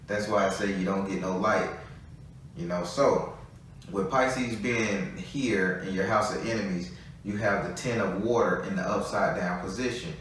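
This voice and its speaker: A low-voiced man with a fairly bright tone does a live tarot reading, chatting bluntly and cursing a lot. The audio has a little hiss or hum, and he sounds far off in an echoey space.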